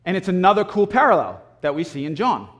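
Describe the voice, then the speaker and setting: High-voiced man preaching casually. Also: fast. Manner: animated, casual storytelling with frequent throat clearing. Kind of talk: conversational sermon.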